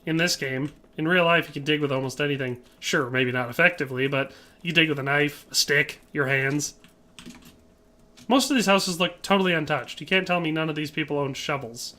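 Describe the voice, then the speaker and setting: A man's voice: fairly high pitch, a little fast, sharp tone. A man streaming a game, talking casually and ranting in exasperation while reading chat aloud. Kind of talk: casual gameplay commentary.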